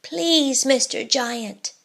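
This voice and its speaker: A woman's voice: high voice, very slow, creaky, fairly bright tone, exaggerated voice. A woman voicing a frightened little male pumpkin in a storybook reading, gasping and pleading.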